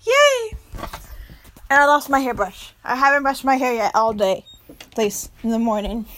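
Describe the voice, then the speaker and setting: Brief: young woman vlogger, high voice, rambling self-mocking chat, faint hiss behind. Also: brisk, a bit bright. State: jittery from coffee, talking fast. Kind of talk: casual vlog chat.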